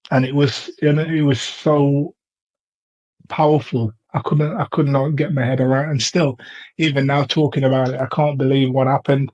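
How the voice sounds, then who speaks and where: An English man tells his story in a casual first-person way, earnest and halting, full of ums and restarts. His voice stays flat and even in pitch. The recording sounds a little muffled and lo-fi. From England. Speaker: testimony speaker.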